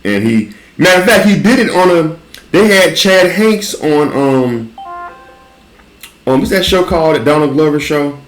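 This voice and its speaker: A man's voice: a little high, expressive, unhurried. Rambling man in an echoey room. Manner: loose rambling storytelling with frequent restarts and laughter. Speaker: podcast host. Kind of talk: casual chat. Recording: roomy echo.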